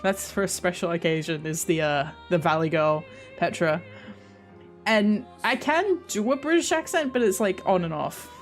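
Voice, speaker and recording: A young Australian woman with a lowish, lively voice chats casually with viewers on a live stream at normal speed, faint music in the background. She rambles and keeps restarting her sentences with giggles.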